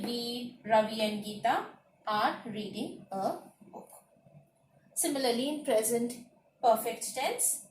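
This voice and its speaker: A woman teaching a grammar lesson, slowly listing words one by one and repeating her points. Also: a little high, distant mic, a little hiss or hum. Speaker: English teacher. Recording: echoey room, voice off-mic.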